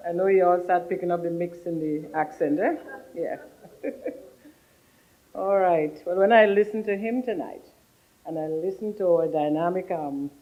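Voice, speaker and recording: A man's voice: high voice, narrow, tinny audio. A man speaks casually from a podium as a tourism minister, chatty and joking with frequent tag questions. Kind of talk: informal podium speech.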